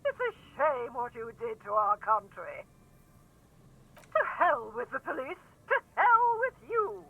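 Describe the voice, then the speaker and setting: A woman's voice: high-pitched, very animated, slow pace, creaky, exaggerated voice. Tearful old woman on phone. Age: older. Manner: tearful, quavering. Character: elderly woman on phone, grieving, bitter. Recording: tinny phone line.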